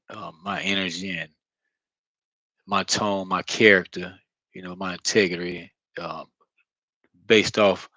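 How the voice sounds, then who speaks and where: A man giving a rambling, earnest spiritual monologue, halting with many fillers and heavy sighs, blunt and sometimes swearing. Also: deep voice, fairly bright tone, no echo, low-quality recording. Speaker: spiritual vlogger.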